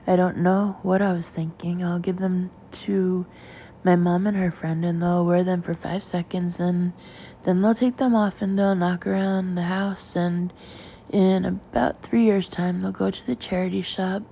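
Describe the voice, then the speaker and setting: A woman narrating a first-person audiobook in a wry, lively storytelling manner. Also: lowish voice, measured pace, vocal fry, highs cut off, a little hiss or hum.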